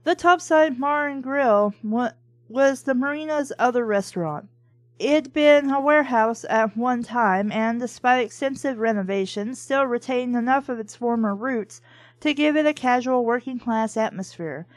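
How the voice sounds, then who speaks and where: A woman's voice: a little high, normal speed, no room sound. A woman reading a novel aloud and mocking it with sarcastic, profane commentary. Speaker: book reviewer and reader. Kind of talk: sarcastic comedic read-along commentary.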